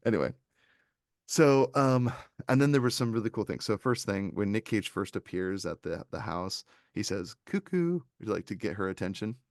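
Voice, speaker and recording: Gravelly-voiced man, animated film chat. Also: lowish voice, normal speed, no room sound, clean studio sound. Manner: animated, quoting scenes in little put-on voices. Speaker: podcast co-host reviewing films. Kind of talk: casual chat.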